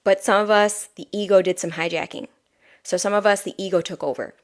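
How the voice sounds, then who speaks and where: A woman who is an intuitive healer, giving a soft, rambling spiritual reading with frequent laughs. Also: mid-range voice, steady tone, a little fast. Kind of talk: casual spiritual guidance talk.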